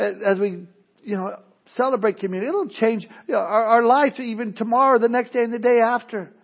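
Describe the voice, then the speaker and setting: A man preaching a sermon as a pastor, animated, acting out voices and often repeating words as he starts a thought. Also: sits high. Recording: dull lo-fi sound.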